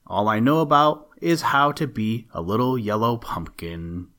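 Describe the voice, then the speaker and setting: A man's voice: medium pitch, big pitch swings, a little slow, fairly bright tone. A man voicing a young, eager little male pumpkin who is anxious and earnest, in a storybook reading. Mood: worried.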